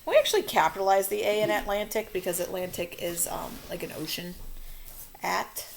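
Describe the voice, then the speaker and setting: A woman teaching a children's spelling lesson, dictating words slowly and walking through how to mark each syllable. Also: medium pitch, lively intonation, vocal fry, a little hiss or hum. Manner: slow, stretched-out word dictation.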